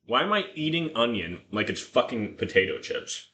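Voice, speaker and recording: Heard through a far-off mic in an echoey home kitchen, a man live-streams his cooking, drinking beer, swearing plenty, rambling and talking to his dog. His mid-pitched, sharp-toned voice is very animated at a normal speed.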